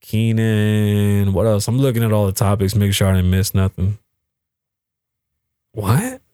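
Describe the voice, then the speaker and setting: Profane, animated man hosting a talk show. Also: lowish voice, unhurried, clean tone, no echo, clean studio sound. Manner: profane, animated storytelling with acted-out quotes. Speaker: podcast host. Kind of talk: casual solo commentary.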